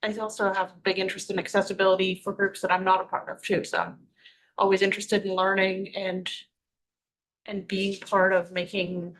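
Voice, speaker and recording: A woman introducing herself as a committee member, thoughtful and halting, with many fillers. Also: mid-range voice, a bit bright, rough recording.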